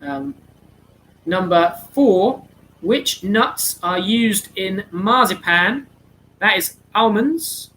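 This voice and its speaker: A man's voice: high voice, expressive, drawn-out words, pushed and bright, a little hiss or hum, low-quality recording. A man hosting an online charity quiz, reading out answers in a chatty, slightly flustered way. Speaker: quiz host.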